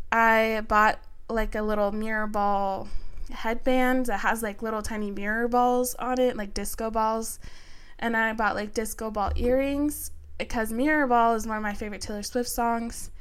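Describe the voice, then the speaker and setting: Brief: young woman podcast host, chatty and gushing, unhurried, clear smooth voice. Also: fairly high pitch. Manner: chatty, many fillers, excited and emotional. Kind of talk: casual chat.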